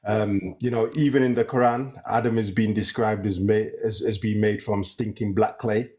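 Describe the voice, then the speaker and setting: A man's voice: lowish voice, fairly even intonation, moderate pace, darkish tone. Man in his thirties on a muffled call. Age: 30s. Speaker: caller.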